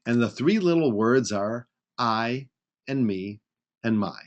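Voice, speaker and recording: A man's voice: mid-range voice, expressive, slow, muffled recording. A man presenting a recorded public speaking webinar, coaching emphatically and acting out weak and strong ways to phrase things.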